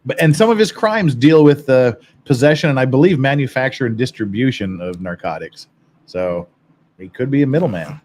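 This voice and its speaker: A man hosting a casual talk podcast, with a voice neither high nor low. He rambles through viewer comments with blunt opinions, swearing and laughing along the way. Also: expressive, normal speed, darkish tone, slight background noise. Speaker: podcast host.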